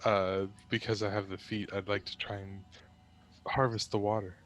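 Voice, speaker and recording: A man's voice: lowish voice, level tone, moderate pace, fairly bright tone. A man playing in a tabletop game, asking rules questions hesitantly. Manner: hesitant, many fillers. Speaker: player.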